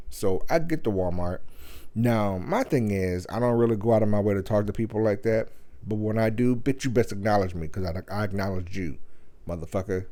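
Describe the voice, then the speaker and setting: A young man hosting a podcast, telling a profane story in an animated, loud rant full of cursing and mimicked voices. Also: on the low side. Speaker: podcast host.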